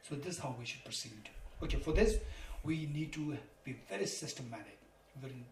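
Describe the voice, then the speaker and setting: A man's voice: a little high, animated, a little fast, darkish tone. A man giving a Buddhist teaching, emphatic and repetitive, spelling terms out letter by letter. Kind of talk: dharma lecture. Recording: roomy, distant mic, faint noise.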